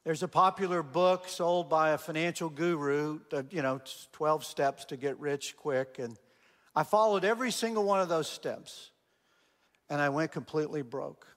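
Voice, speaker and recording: A man speaking as a gruff Australian man, blunt and cussing at first, later broken. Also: fairly high pitch, moderate pace, big-room sound, natural voice. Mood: tearful.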